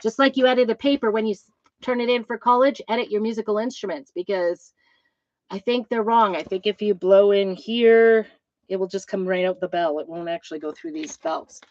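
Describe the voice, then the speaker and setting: A self-described trumpet player who is fussy about instrument details, this woman casually shows off new craft designs in a vlog, rambling with many ums and asides. Her mid-range voice is fairly quick and darkish in tone. There's no room sound, and the dry recording is dull and slightly lo-fi.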